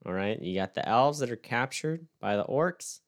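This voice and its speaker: A man's voice: medium pitch, lively intonation, normal speed. A man co-hosting a casual comedic review chat, ranting with mock sternness and punctuating his points with "all right?". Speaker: podcast co-host.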